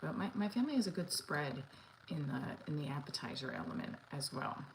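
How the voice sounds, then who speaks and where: Casual home vlogger, woman in her 30s, lowish voice, noisy phone-mic sound, rambling chatter. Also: animated, brisk, gravelly. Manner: chatty, rambling, talks while making coffee. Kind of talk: casual livestream chat. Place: home kitchen.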